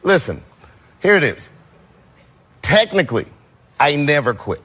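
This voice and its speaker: A man's voice: a little high, very animated, a little slow, fairly bright tone. A man talking as a comedy guest in an interview, a laid-back storyteller who chuckles as he goes. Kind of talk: casual interview talk. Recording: noisy clip recording.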